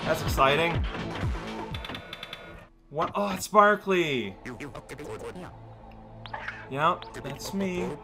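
A high-voiced man rambles through casual gameplay commentary, goofy and easily excited. Game music plays loudly underneath his talk. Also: very slow, pauses often. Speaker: let's play host.

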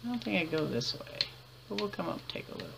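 Gravelly woman chatting through a game. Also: lowish voice, sing-song, quick pace, noisy background. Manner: chatty, laughs often, mutters to herself while playing. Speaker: gamer. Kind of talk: let's-play commentary.

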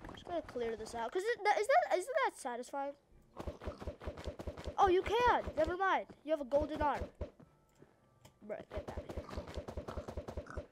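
Hyper high-voiced Australian woman gamer. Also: very animated, moderate pace, long pauses, background noise. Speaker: gaming YouTuber. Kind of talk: casual let's-play commentary.

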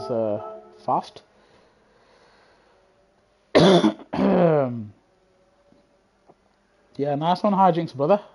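A man streams live sim-racing gameplay from a home setup, chatting to viewers and breaking into loud, frustrated outbursts. His voice is high, and the gaming-headset recording sounds muffled.

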